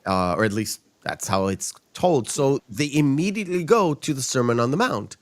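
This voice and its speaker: A man hosting a podcast, talking loosely and casually about a movie. He keeps stopping and restarting his sentences and laughs softly along the way. His voice sits at an ordinary middle pitch. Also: expressive, moderate pace. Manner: rambling, frequent restarts and chuckles. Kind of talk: casual film discussion.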